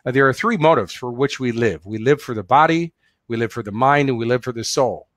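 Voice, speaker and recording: A middle-aged business coach gives a casual motivational webinar, speaking earnestly and conversationally and telling stories with plenty of fillers. His mid-range voice is fairly quick and a bit bright, recorded in studio quality with no room sound.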